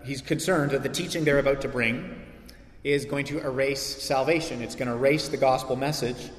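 A man's voice: medium pitch, normal speed. Man preaching in an echoey hall. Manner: animated, acts out quoted voices with sarcasm. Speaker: pastor. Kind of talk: sermon.

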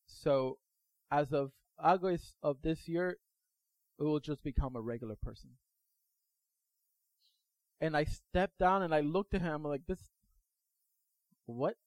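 A male pastor preaching a sermon, retelling a personal story in an animated way and acting out the quotes. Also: a little high, dry recording, poor audio.

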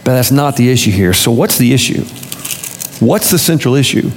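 A man's voice: mid-range voice, lively intonation, normal speed, big-room sound, a little hiss or hum. A man preaching a sermon with impassioned delivery that builds to emphatic, rising peaks. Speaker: pastor.

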